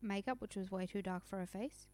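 A woman's voice: mid-range voice, a little fast, a little mellow. A young woman co-hosting a podcast, chatting and joking casually as she recaps a show. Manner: chatty, joking, trails off mid-sentence. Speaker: podcast co-host.

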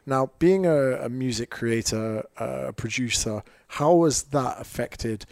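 A man's voice: medium pitch, creaky, darkish tone, dry recording. Podcast host guy, dry close sound, cracks jokes then asks long winding questions. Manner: quick joking asides and long rambling questions. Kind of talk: casual interview chat.

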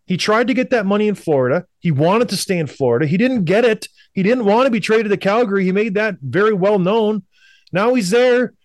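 A man's voice: high-pitched, fairly quick, dry recording, clean studio sound. A man from Canada, a show co-host, giving blunt, emphatic opinions in sports talk and repeating points for effect. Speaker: hockey podcast co-host.

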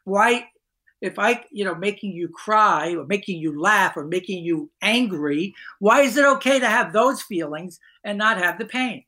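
A man speaking as a guest actor in a candid podcast conversation, halting and earnest, often repeating his words. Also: sits high, animated, bright, forceful tone.

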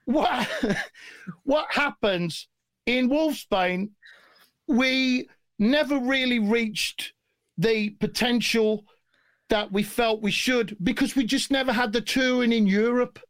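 Brief: man, guest storyteller, animated and jokey, dry close sound. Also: very high voice, slow, dry recording. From England. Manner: animated, jokey, swears freely. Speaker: guest musician. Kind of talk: casual storytelling interview.

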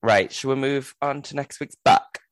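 A man from Newcastle, England co-hosting a podcast, chatting casually and telling lively stories in which he acts out what people said in changed voices. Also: medium pitch, moderate pace, slight background noise. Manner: animated storyteller who acts out quotes in changed voices. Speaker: podcast co-host. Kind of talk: casual chat.

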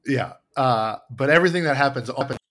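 Co-hosting a casual podcast, a man in his thirties rambles about his kids, restarting sentences and saying "like" a lot. His voice is medium-pitched and a bit bright, and he talks a little fast.

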